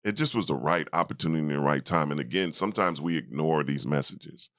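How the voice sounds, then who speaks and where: A man's voice: extremely low pitch, fast talker, no room sound, studio quality. A man in his fifties, a former basketball player, telling stories in a casual interview and acting out the people in them. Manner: animated storyteller who acts out the people in his story.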